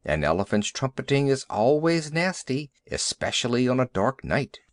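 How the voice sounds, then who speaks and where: A man narrating a classic animal tale in an expressive, lively storytelling way. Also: mid-range voice, moderate pace, dry recording, studio quality. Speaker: audiobook narrator.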